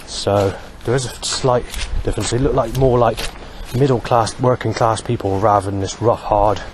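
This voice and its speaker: A man talking alone to camera in a rambling monologue, halting often to search for words. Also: fairly low pitch, fairly even intonation, slight background noise. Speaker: vlogger.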